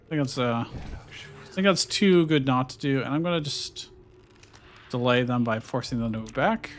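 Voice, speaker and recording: Hiccuping throughout, a gameplay streamer offers laid-back let's-play commentary, pondering his options out loud with plenty of filler words. His pitch is a touch on the high side. Quiet music can be heard underneath his voice.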